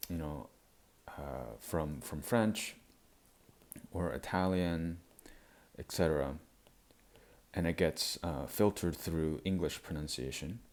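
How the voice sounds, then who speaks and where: Man, very low voice, explanatory lecture, halting, frequent fillers. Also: a little mellow. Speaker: language educator. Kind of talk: explanatory lecture over slides.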